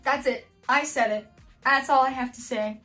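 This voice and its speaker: A woman's voice: sits high, steady tone, moderate pace, a bit bright, faint music behind. A woman hosting a casual reaction video, blunt and joking, with frequent exclamations. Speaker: YouTube host reacting to house listings.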